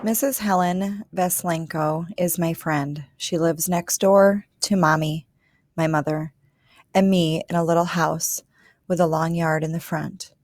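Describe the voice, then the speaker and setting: Low-voiced woman reading a storybook. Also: dry recording. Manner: calm, measured, child narrator's voice. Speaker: reader. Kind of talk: storybook narration.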